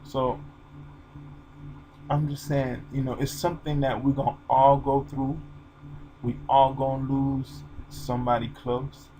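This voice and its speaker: Gravelly man telling a personal story. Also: mid-range voice, little pitch movement, unhurried, long pauses, warm tone, a little hiss or hum, rough recording. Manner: emotional, informal, rambling storytelling with many fillers. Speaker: vlogger. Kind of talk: personal video monologue.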